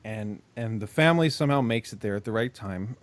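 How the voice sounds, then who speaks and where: A man's voice: medium pitch, expressive, normal speed, a little mellow, dry recording. Man swearing through a rambling plot recap. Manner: profane, rambling, lots of "like" and restarts. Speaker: podcast co-host. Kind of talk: casual chat, retelling a movie plot.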